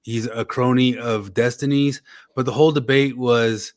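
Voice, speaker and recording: A man hosts a loose, casual conversation. He wanders from point to point, his voice sitting in a middle pitch, and he often stops to hunt for a name or a thread before pressing on. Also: steady tone, moderate pace. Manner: rambling, loses his train of thought. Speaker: podcast host. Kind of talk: casual political chat.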